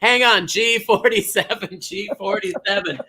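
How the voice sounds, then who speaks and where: A man's voice: sits high, measured pace, pushed and bright. A man hosting a live bingo show, calling numbers and chatting in a scattered, jokey, campy way.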